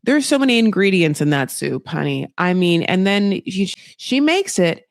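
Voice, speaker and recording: A woman's voice: on the low side, very animated, moderate pace, no room sound, clean studio sound. Rambling, gossipy woman recapping reality TV. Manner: rambling, gossipy, heavy on fillers. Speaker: podcast host. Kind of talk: casual reality TV recap commentary.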